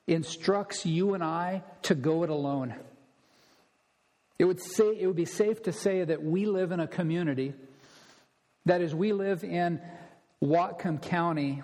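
A man's voice: fairly high pitch, a little mellow, in a large hall. A man preaching an expository sermon as a pastor, emphatic and stressing his points through repetition.

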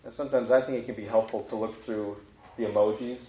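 A man's voice: lowish voice, fairly even intonation, fast, background noise. A man preaching a sermon in a conversational way, asking his listeners a string of questions. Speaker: pastor. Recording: echoey room, dull lo-fi sound.

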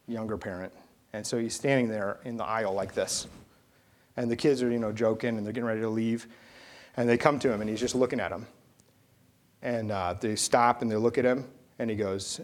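A middle-aged male pastor preaching a sermon, telling a story and rising into emphatic exhortation. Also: mid-range voice.

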